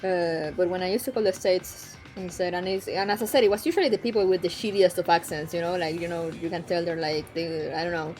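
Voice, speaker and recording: A young woman streaming and chatting casually, frank and quick to swear, laughing often. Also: lowish voice, fairly even intonation, darkish tone. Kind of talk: casual chat. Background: faint background music.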